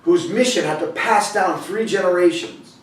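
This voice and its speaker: A fairly high-pitched man preaches from far off in a very echoey hall. He retells scripture in a loose, conversational way and often restarts his sentences. The sound is roomy and distant. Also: normal speed. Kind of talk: sermon. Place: sanctuary hall.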